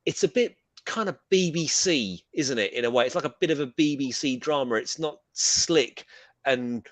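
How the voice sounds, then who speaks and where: A British man co-hosting a casual pop culture chat, talking in a rambling, animated way with casual swearing. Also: medium pitch, normal speed, no echo. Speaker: co-host.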